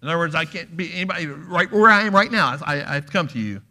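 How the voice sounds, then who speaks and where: Bright-voiced earnest male preacher. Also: fairly high pitch, animated, quick pace. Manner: earnest, emphatic, asks repeated questions. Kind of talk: sermon. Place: church sanctuary.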